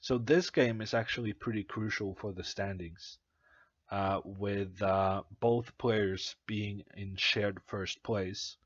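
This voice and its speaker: A young man from Norway, a native Norwegian speaker, casually streams chess commentary, thinking aloud hesitantly with many fillers like uh and um. His low-ish voice is slow with fairly even intonation. The recording lacks room sound and has its highs cut off.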